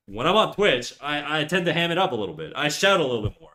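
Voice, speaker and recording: A man's voice: a little high, very animated, quick pace, few pauses, sharp tone. A young man streaming live, chatting casually in an upbeat, talkative way, restarting and stumbling over his words.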